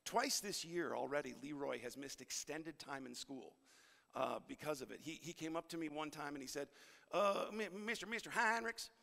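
A man's voice: fairly high pitch, moderate pace, gravelly, fairly bright tone. A young adult man as pastor, praying and preaching in a candid, conversational way with frequent fillers. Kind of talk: sermon. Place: church hall. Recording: long hall reverb.

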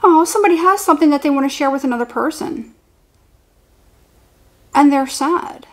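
Chatty, excitable higher-voiced woman tarot reader. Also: normal speed, low-quality recording. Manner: chatty and excitable, rambling with restarts. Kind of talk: casual tarot reading to camera.

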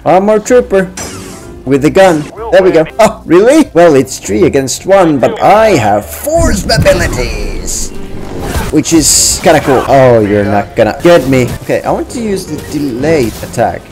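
A man's voice: on the high side, big pitch swings, unhurried. A man chatting playfully while playing a video game, with lots of exclamations and laughs. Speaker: gaming streamer. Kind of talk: let's play commentary. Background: game music.

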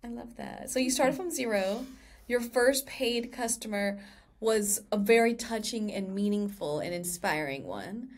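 A woman's voice: medium pitch, lively intonation, measured pace. A woman hosting an interview, asking questions and responding with encouragement. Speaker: host.

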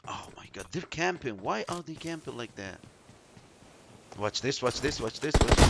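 A man giving chatty, excitable commentary while playing a shooter game, yelping when surprised. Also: mid-range voice, moderate pace, heavy background noise. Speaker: mobile game streamer.

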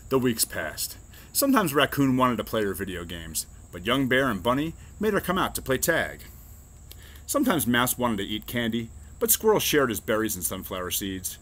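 Speaking at normal speed in a mid-range voice, a male reader brings a children's picture book to life with an expressive storytelling delivery.

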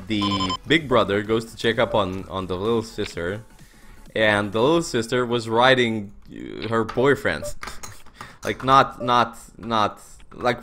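A young man in his twenties streaming poker, telling a story casually with lots of fillers and swearing. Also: lowish voice. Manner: excitable storyteller, laughing. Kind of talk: casual live-stream chat while playing poker.

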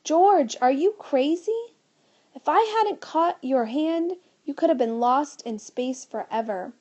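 A woman's voice: on the high side, unhurried, vocal fry, mellow. A woman voicing a stern adult scientist who explains and lectures in a storybook reading. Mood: furious.

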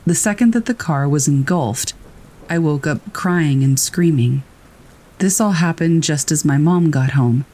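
A man reading scary first-person stories aloud in a calm, steady storytelling voice. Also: fairly high pitch, unhurried. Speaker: narrator. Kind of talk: scripted narration of scary stories. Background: rain.

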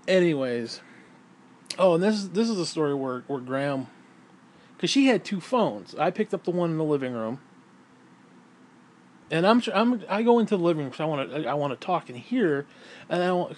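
A man's voice: on the high side, big pitch swings, fairly quick, pauses often, a little mellow, a little hiss or hum. Rambling, cursing man telling stories. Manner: rambling, profane, laughs at own stories. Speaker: vlogger and self-published author. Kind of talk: casual storytelling vlog. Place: indoors, lying in bed.

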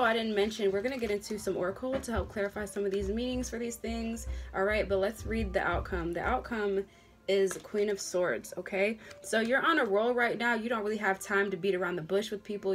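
A woman doing a relaxed tarot reading for her viewers, chatty and loose, drawing words out and checking in with "okay?" every few lines. her voice sits at an ordinary pitch, neither high nor low, and she sounds like she's at her desk at home. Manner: chatty, drawn-out words, frequent okays. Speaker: tarot reader. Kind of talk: casual tarot reading to camera. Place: home workstation. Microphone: desk camera at a workstation.

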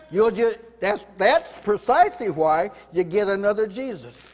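A man preaching a sermon at a house church, fervent, his voice rising loud when he voices God and Moses. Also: high voice, big pitch swings, moderate pace, hardly any pauses, in a large hall. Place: house church meeting room.

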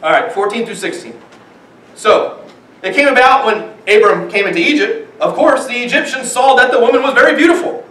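Pastor guy giving a sermon in a church, kinda far from the mic, lots of room echo, animated. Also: very high-pitched, fairly quick. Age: young adult or middle-aged, father of young children. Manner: animated preaching, acts out voices of people in stories. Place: church sanctuary.

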